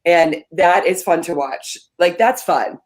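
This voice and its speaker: A woman's voice: on the low side, animated, a little slow. A woman co-hosting a live morning show, telling playful stories in casual banter. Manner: playful, giggly storyteller.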